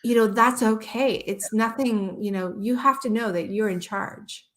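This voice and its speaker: A woman's voice: fairly high pitch, measured pace, a bit bright. Earnest woman hypnotherapist talking shop. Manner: passionate, earnest, many restarts. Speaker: hypnotherapist guest. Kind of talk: live-stream conversation.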